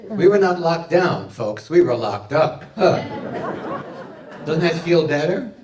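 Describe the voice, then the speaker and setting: A man's voice: fairly high pitch, very animated, slow, crowd noise. A man doing stand-up comedy for a live audience, punning and playful, taking questions. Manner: punning, playful, loud jokey delivery. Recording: roomy hall, mic at a distance.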